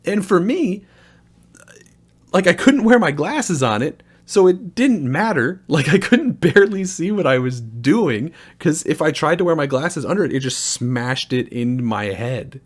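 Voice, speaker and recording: A man's voice: fairly high pitch, very animated, unhurried, slightly rough. A young man hosting a gaming video, giving a sarcastic, profane, exasperated rant review. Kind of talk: ranting game review.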